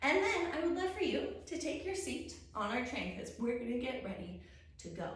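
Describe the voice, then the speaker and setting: A woman's voice: sits high, big pitch swings, moderate pace. A young woman leading a children's yoga story time, upbeat and encouraging, with sing-song sound effects. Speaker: kids yoga instructor. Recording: echoey room, distant mic.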